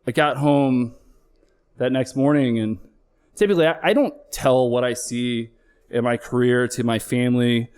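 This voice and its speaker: A man's voice: mid-range voice, moderate pace, a little mellow, smooth. Earnest middle-aged man telling a story. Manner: candid and earnest, with emotional swells. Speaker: flight paramedic. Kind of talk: personal story told live on stage.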